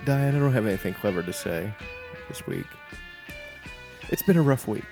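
A man co-hosting a podcast, wry and laid-back, his pitch moving lively up and down. Faint music plays under the conversation. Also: normal speed, vocal fry. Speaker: podcast co-host. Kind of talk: casual chat.

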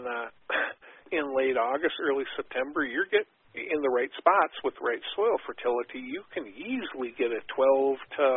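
A man's voice: medium pitch, breathy edge, no room sound. A man giving folksy, rambling answers as a guest in a podcast interview, with sarcastic asides and many digressions. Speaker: guest habitat expert. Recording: tinny phone line.

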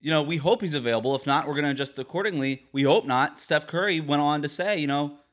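A man's voice: a little high, fast talker. A man hosting a sports podcast, delivering an emphatic, ranting opinion monologue. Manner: emphatic, ranting, mocks quotes with put-on voices. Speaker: podcast host.

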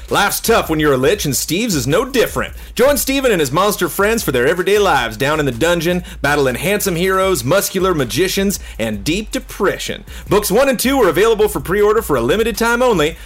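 Man doing a lively cowboy drawl for a sponsor read, high and showy. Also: heavily acted. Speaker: podcast host.

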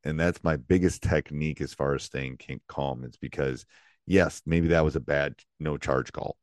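A man's voice: rumbling low, fairly even intonation, normal speed, darkish tone, no echo. A middle-aged man, a basketball coach, hosting his podcast in a casual, rambling way with many restarts. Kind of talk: casual solo podcast talk.

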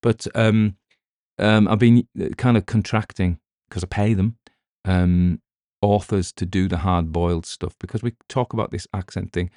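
A middle-aged British man with a very low, mellow voice talks in a loose, rambling way. He drifts between topics and drops in wry asides. The sound is close and dry, with no room around it. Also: steady tone, normal speed, dry recording. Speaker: audiobook narrator. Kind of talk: casual chat.

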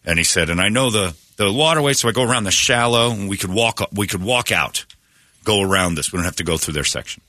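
A man with a low, bright, forceful voice hosts morning radio from a dry, close studio mic. He retells a story with excitement, slips into quoted voices and stumbles over restarts. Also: quick pace, no room sound. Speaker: radio show host. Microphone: studio microphone.

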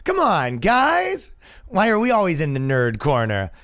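A man's voice: on the high side, huge pitch swings, unhurried, a bit bright, pitched above the performer's own voice, full character voice. A man voicing a personified sports league as a whiny, pleading figure.

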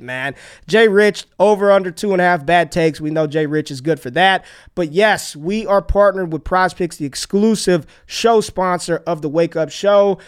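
A man with a high, smooth, clear voice hosts a laid-back sports podcast. He talks loosely, repeats himself and swears casually, and he gets hyped when he reads out a sponsor. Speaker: podcast host.

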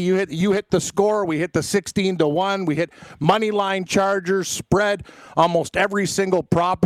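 A man co-hosting a sports betting show, excitable and joking, laughing often. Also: high-pitched, no echo. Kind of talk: casual sports betting chat.

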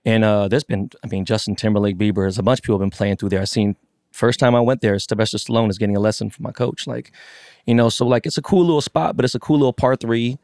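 Male co-host, low voice, excitable profane storyteller, dry close mic. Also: quick pace, dry recording. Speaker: podcast co-host. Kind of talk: casual chat.

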